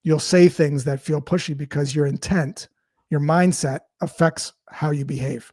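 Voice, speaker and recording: A man guest on a podcast, explaining sales ideas through lively anecdotes and acting out bits of dialogue. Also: fairly high pitch, moderate pace, no echo, clean studio sound. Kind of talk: storytelling interview talk.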